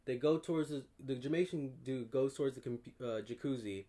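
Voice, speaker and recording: A man's voice: mid-range voice, fairly quick, mellow. A young man co-hosting a podcast, telling a rambling, profane story in a laid-back, casual way. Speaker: podcast co-host.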